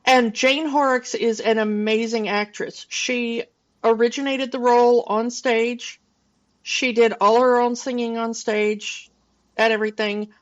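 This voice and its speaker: A woman's voice: fairly high pitch, level tone, a little slow, highs cut off. A woman in her forties, co-hosting a casual film podcast and rambling loosely with plenty of fillers and restarts. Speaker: podcast co-host.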